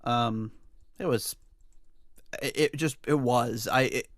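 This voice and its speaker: A man's voice: mid-range voice, takes it slowly, no room sound, studio quality. A man co-hosting a casual music podcast, reviewing an album track in a joking way and laughing often. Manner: jokey, laughs often, puts on silly voices. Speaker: podcast co-host.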